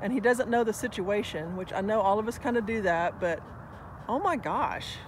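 A chatty woman talks casually to the camera at an outdoor dog park. Her voice sits in a middle pitch, picked up by an action camera. Faint outdoor noise runs underneath. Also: expressive, moderate pace. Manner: chatty, praises her dogs in a high sing-song. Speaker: dog vlogger.

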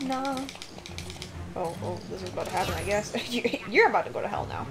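A woman's voice: medium pitch, animated, over music. A woman co-hosting a video game playthrough, joking and laughing in casual chat. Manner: giggly, jokey, quick asides. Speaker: let's play co-host.

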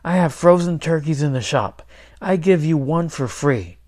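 A man's voice: a little high, lively intonation, moderate pace, a little mellow, no room sound, lightly acted. A man voicing a generous, cheerful shopkeeper who sounds upbeat and reassuring.

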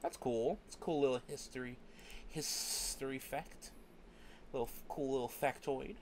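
A man's voice: mid-range voice, normal speed, slight background noise. A young man streaming a game, rambling bluntly and profanely while grieving. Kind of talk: casual gameplay livestream chat.

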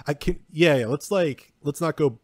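A man's voice: fairly high pitch, moderate pace, dry recording. A man co-hosting a podcast, giving blunt, opinionated film takes and swearing casually. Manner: opinionated, swears freely, occasional stumbling. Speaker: podcast co-host. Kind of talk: casual film review chat.

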